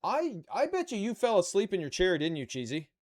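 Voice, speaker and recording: A man's voice: high-pitched, wildly swooping pitch, a little fast. A man live-streaming a model-kit build, chatting with viewers and muttering to himself as he works. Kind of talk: casual live-stream chat.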